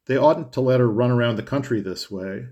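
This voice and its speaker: A blunt, arrogant rich man with a curt, gruff delivery, as a male audiobook reader plays him. His words come clipped and dismissive, in an everyday mid-range voice. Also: medium pitch, brisk, warm tone, muffled recording, natural voice. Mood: disapproving.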